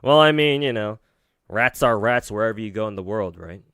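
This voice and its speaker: A man's voice: on the low side, lively intonation, moderate pace, a bit bright, smooth, dry recording. Guy streamer trash-talking a video, swears a lot, voice jumps all over, dry close mic. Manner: mocking, profane, sarcastic. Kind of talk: livestream reaction commentary.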